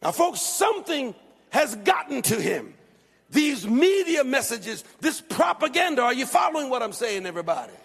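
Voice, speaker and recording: A man's voice: extremely high pitch, very animated, normal speed, gravelly, a bit bright, husky. A male pastor preaching an emphatic, repetitive sermon in a church. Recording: long church-hall reverb.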